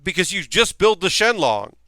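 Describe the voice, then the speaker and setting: A man's voice: high-pitched, sing-song, normal speed, pushed and bright, no echo. A man live-streaming a model kit build, chatting casually to his viewers, ranting and rambling with lots of fillers.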